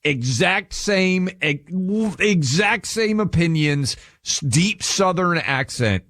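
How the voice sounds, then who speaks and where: A man's voice: a little high, lively intonation, slow, fairly bright tone, no echo, studio quality. Emphatic male radio host from Tennessee. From Tennessee, USA. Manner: emphatic, opinionated, repeats phrases. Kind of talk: casual radio banter. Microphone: studio microphone.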